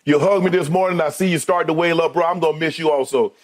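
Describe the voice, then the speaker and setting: A man's voice: on the high side, fairly even intonation. Man in his fifties, heartfelt farewell. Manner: heartfelt, choked up, with halting restarts. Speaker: sports debate TV co-host. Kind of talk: emotional farewell speech.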